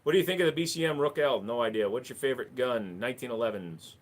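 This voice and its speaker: A man's voice: medium pitch, quick pace, few pauses. A man hosting a casual livestream, reading chat messages aloud and answering with crude jokes. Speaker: livestream host.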